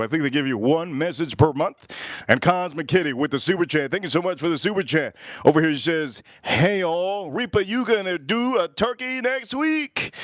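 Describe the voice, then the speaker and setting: A man's voice: medium pitch, no echo, studio quality. An American man hosting a casual live stream at his backyard grill, rambling and repeating himself with lots of fillers. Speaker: livestream host.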